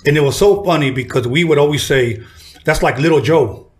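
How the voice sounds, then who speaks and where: A man hosting a casual talk, telling a story with animated delivery and acting out the voices of people in it. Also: brisk. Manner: animated, acts out quoted voices with jumps in pitch. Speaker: podcast host telling a story.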